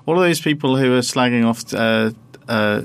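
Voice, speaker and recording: A man's voice: medium pitch, normal speed, smooth. A man co-hosting a casual podcast, easygoing and wry, teasing his co-host. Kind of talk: casual chat.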